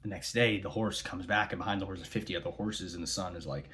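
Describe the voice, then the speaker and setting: A man with a notably deep, low voice speaks casually to the camera. He rambles and restarts his sentences, thinking out loud as he goes. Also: steady tone, fast talker. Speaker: vlogger. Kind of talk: casual monologue.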